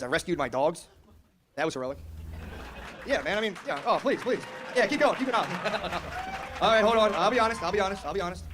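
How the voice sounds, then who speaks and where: A man doing a crude stand-up set in a quick, loose, conversational rush, his voice sitting a little high for a man. He talks brashly and keeps dropping into mocking little voices. A faint room murmur sits underneath. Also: noisy background. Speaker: stand-up comedian.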